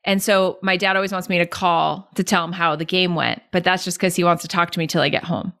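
A woman entrepreneur chatting casually on a podcast, animated and quick to act out other people's words. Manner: animated, acts out quoted voices with high pitch jumps. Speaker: entrepreneur and guest.

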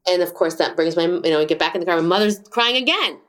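A woman's voice: on the low side, fast. A middle-aged woman, an interview guest, telling a personal story candidly and animatedly, acting out the voices she quotes. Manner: animated, acts out quoted voices, many fillers.

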